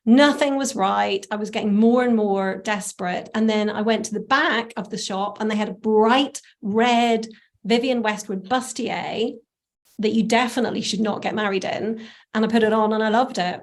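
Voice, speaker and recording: A woman with a slightly high voice tells a personal story as an interview guest. She talks in a lively, animated way and laughs easily. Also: moderate pace. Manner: animated, laughs often, acts out quoted voices. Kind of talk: conversational storytelling.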